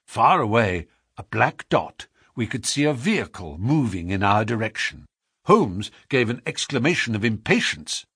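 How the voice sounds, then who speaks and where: Male audiobook narrator, measured and expressive, slightly husky, dry close recording. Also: dry recording. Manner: measured storytelling, lively pitch.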